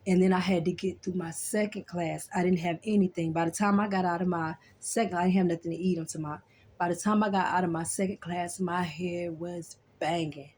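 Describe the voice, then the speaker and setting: A woman's voice: lowish voice, steady tone, a little fast, a little mellow, a little hiss or hum. A young woman casually telling a personal story in a chatty, colloquial way, often checking in with "you know what I'm saying.".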